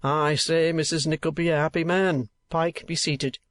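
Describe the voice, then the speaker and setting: A pompous, oily gentleman, as a man puts him on, flattering and flowery, a little louder and higher than the reader's own voice. Dry, close audiobook sound. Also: moderate pace, dry recording, lightly acted. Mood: ingratiating. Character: smooth-talking flattering gentleman.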